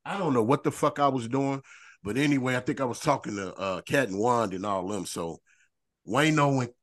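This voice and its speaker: A man co-hosting a podcast, telling a long profane story in animated, repetitive bursts. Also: medium pitch, brisk. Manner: profane, animated storyteller who repeats phrases. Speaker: podcast co-host. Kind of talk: casual storytelling chat.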